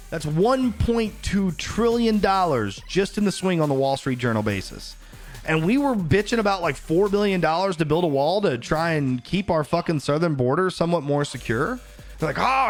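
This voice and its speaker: A man on a livestream rants in a heated, profane way, his fairly high voice leaping up and down as he gets worked up. Faint music plays underneath. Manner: profane, heated, animated ranting. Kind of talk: casual livestream rant.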